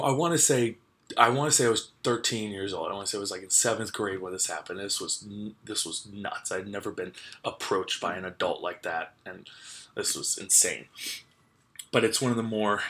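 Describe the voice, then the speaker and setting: A man's voice: on the low side, pushed and bright. A young man hosting a casual podcast, telling a story in a rambling way with lots of "like" and restarts. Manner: laughs while telling stories. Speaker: podcast host.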